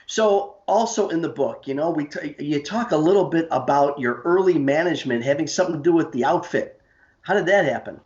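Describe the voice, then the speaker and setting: A male host running a casual interview over a video call, chatty and quick to react. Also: on the high side, animated, a little mellow. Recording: roomy muffled call audio.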